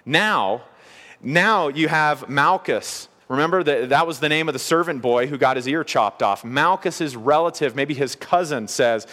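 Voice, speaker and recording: A man's voice: on the high side, fairly quick, fairly bright tone. A man preaching an expository sermon as a pastor, earnest and conversational, repeating key points for emphasis. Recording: long reverb of a large hall.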